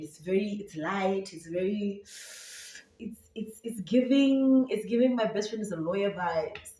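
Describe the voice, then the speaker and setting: A woman's voice: fairly low pitch, mellow. Chatty young Zambian woman with a Setswana twang. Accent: Setswana-tinged English. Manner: chatty, rambling, many fillers and restarts. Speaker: YouTuber and podcaster. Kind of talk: casual sit-down vlog chat. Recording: roomy echo, voice from a distance.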